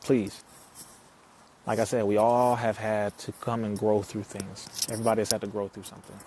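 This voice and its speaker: A man's voice: fairly low pitch, slight background noise. Emphatic man hosting a live stream. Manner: emphatic, repeats lines for effect; reads and answers viewer comments aloud. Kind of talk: casual live-stream monologue to viewers.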